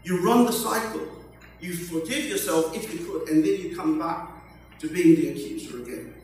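Older guy preaching slow, bit high voice, big echoey hall, mic far off. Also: a little mellow, a little hiss or hum. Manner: slow, emphatic, joking asides. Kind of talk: sermon.

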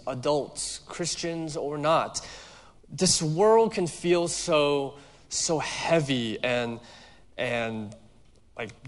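A male pastor preaching a sermon in a conversational way, weaving in personal stories. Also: mid-range voice. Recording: long hall reverb.

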